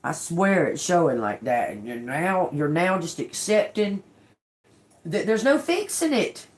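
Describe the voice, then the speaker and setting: A woman with a somewhat low voice reads tarot for her viewers in a loose, conversational way. She talks bluntly and with emphasis, curses freely and keeps asking "okay?" to make sure the point lands. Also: sing-song, unhurried. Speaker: tarot reader. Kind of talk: casual tarot reading to viewers.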